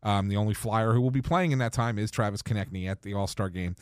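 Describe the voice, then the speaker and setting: A man's voice: on the low side, quick pace, clear, resonant tone, no echo. A man co-hosting a casual sports podcast, chatty and easygoing, recorded on a close microphone. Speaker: podcast co-host.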